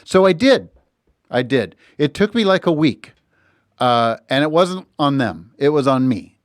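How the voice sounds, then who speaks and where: Smooth-voiced man hosting a podcast. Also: mid-range voice, measured pace, no echo, clean studio sound. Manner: animated, slips into voices when quoting others. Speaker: podcast host. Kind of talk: casual storytelling monologue. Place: recording studio.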